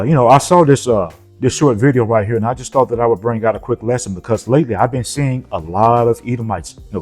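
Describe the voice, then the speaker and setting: A man's voice: on the low side, darkish tone. A man gives an informal sermon and reads scripture, peppering his talk with "okay?" and "you know". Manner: repetitive, punctuated with frequent "okay?" and "you know". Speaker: preacher.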